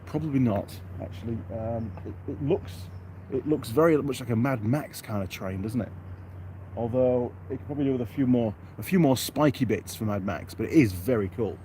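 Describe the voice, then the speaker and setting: A man's voice: medium pitch, normal speed, dark tone. Middle-aged english guy from york doing a live stream outside, chatty, jokes at himself, reads comments out to folks by name, faint traffic hum. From York, England. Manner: chatty, self-deprecating, addresses viewers by name. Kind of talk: casual live-stream chat reading viewer comments. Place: outdoors.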